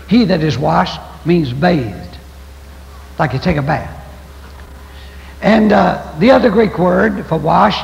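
An older pastor with a high, creaky voice preaches a folksy storytelling sermon in a church sanctuary. The sound is echoey and dull, like lo-fi 1990s tape.

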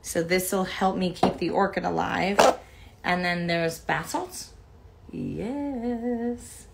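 A woman in her forties talks slowly and casually into a phone livestream, sounding tired. Her voice sits a little low. She reads fan cards aloud with lots of "like" and small fillers. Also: gravelly, heavy background noise. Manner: reading fan cards aloud, chatty with frequent "like". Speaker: actress thanking fans on a livestream. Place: indoor room with couches.

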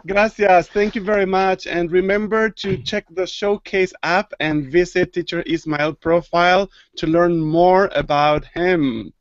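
A man hosting an online show, announcing segments in a slow, friendly way. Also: high-pitched, fairly even intonation, no echo. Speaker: show host. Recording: dull lo-fi video call audio.

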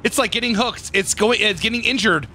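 A man giving casual, excitable gameplay commentary as a gaming YouTuber, swearing and laughing often. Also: high voice, a little fast, slight background noise.

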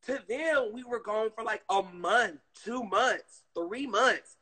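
A high, bright woman's voice with a slightly husky edge, chatting loosely to her live-stream viewers. She talks in a lively, sing-song way, swears freely and calls her audience "girl". The feel is an unscripted, casual stream. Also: takes it slowly, faint music behind, rough recording.

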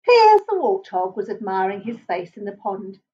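A woman reading a children's picture book aloud in a gentle, expressive way. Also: medium pitch, moderate pace, highs cut off. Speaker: storybook reader.

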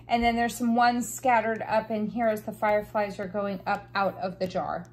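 A woman, chatting casually and gushing excitedly while unboxing craft supplies and reading out numbers. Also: mid-range voice, moderate pace, a little hiss or hum. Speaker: craft vlogger.

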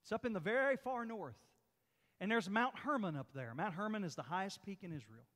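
Lively Southern preacher in a reverberant church. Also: male voice, high voice, a little fast. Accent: Southern American. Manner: animated, folksy preaching with dramatic scripture reading. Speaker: pastor. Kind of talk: sermon. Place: church sanctuary. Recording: long hall reverb in church.

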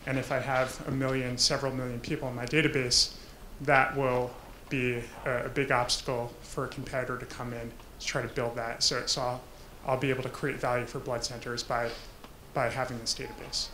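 Halting man answering judges, echoey room. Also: medium pitch, flat delivery, pushed and bright, a little hiss or hum. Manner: halting, repeats words as he starts. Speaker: social entrepreneur pitching.

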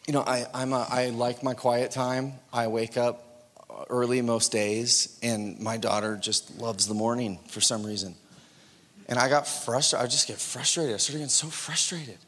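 A young adult man preaching a sermon, conversational and lively, acting out his own inner voice and dropping to near whispers at times. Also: mid-range voice, normal speed. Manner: conversational preaching, acts out inner voices, swings loud and soft. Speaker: pastor. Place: church sanctuary. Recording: long hall reverb.

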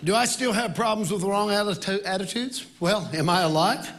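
A man who is a worship leader, telling a story in a sermon and swinging between loud outbursts and quiet reflection. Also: sits high, normal speed, vocal fry, a crowd in the background.

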